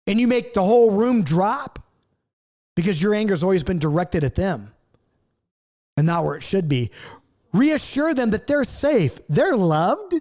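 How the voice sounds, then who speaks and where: A man's voice: high voice, a little mellow. A middle-aged man teaching a recorded Bible study lesson, earnest and coaching, repeating key points.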